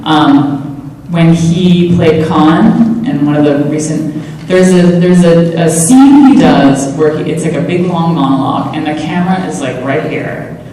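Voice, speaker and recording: Low, chatty woman guest, self-deprecating, heard from afar in a long-echo hall. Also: expressive, unhurried, mellow, slight background noise. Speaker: panel guest. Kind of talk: convention Q&A answers. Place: large convention hall. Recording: echoey hall, voice from far off.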